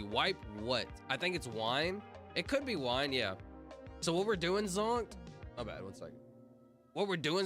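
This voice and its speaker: A man's voice: mid-range voice, bright, forceful tone. A man streaming live, chatting casually with his viewers and spelling out letters as he plays a word game. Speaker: livestreamer. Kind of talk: casual livestream chat. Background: music playing.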